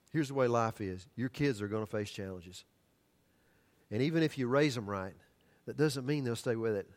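An older man preaching a sermon, telling stories animatedly and then dropping to hushed, earnest tones. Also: medium pitch. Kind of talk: sermon storytelling.

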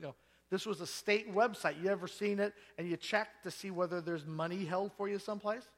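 High-voiced male preacher telling stories. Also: fairly quick. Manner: storytelling, acts out voices and quotes. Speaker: pastor. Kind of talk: sermon.

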